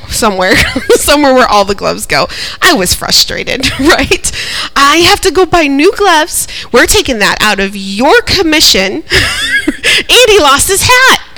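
A woman, preaching a sermon in an animated way, laughing often and calling for responses from the congregation. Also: mid-range voice, rough recording.

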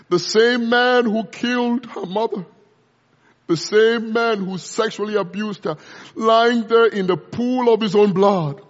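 A man preaching a sermon, telling a story with a dramatic, rising and falling delivery. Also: high-pitched. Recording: echoey hall, muffled sound.

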